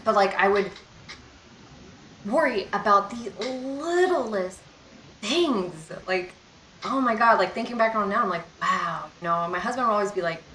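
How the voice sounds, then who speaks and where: A woman's voice: medium pitch, animated, normal speed, a bit bright, roomy sound, a little hiss or hum, low-quality recording. A young woman in a casual storytime vlog, talking candidly and rambling, with lots of "like" and "you know.". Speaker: vlogger.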